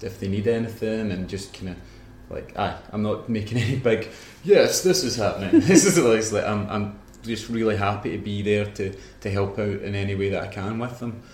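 A man's voice: on the low side, a little fast, hardly any pauses, a little mellow, slight background noise. A man with a Scottish accent, chatting as a musician guest in an interview, rambling and laughing often as he tells stories. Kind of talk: casual interview chat. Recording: roomy echo.

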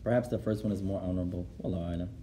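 Male Islamic teacher, mellow voice. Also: low voice, rapid-fire. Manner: switches between English and Arabic, translating as he goes; repeats phrases for emphasis, laughs at his own stories. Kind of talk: classroom lesson with anecdotes.

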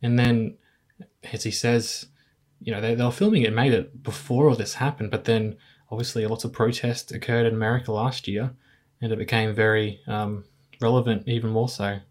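A man's voice: on the low side, steady tone, moderate pace. Easygoing, hesitant man hosting a podcast. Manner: easygoing, hesitant, chuckling often. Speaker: podcast host. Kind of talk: casual film-review chat.

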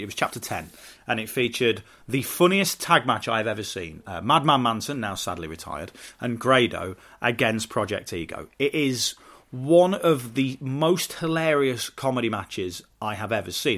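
A man hosting a casual solo podcast, heartfelt and rambling with restarts, bursting into excitement now and then. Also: lowish voice. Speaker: podcast host and wrestling promoter.

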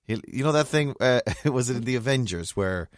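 A man's voice: medium pitch, expressive, brisk, dry recording, clean studio sound. A middle-aged man co-hosting a podcast in casual chat, often restarting and searching for his words.

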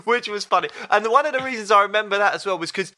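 A man in his thirties co-hosting a podcast, telling stories in a lively way and laughing often. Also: high voice, racing. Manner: animated storyteller, laughs often. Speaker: podcast co-host. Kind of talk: casual chat.

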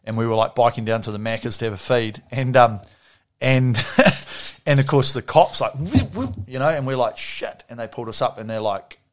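A man's voice: medium pitch, fairly quick. A man with a New Zealand accent telling stories in casual chat, rambling and laughing often.

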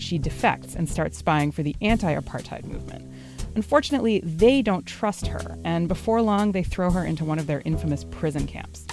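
A woman hosting and narrating a podcast in a conversational, explanatory way. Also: deep voice.

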